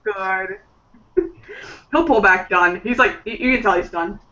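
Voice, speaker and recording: A man's voice: sits high, lively intonation, measured pace, bright, forceful tone. Playful man on a muffled call. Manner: laughing, playful, many fillers. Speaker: player. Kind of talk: online tabletop role-play, describing his character. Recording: muffled voice chat from a distance.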